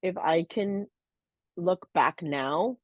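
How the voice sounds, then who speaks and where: Woman with a low voice telling her own story on a podcast, earnest, lots of "you know", kinda dull dry audio. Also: slow, no room sound. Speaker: podcast co-host. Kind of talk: personal storytelling, casual podcast talk. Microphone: podcast microphone.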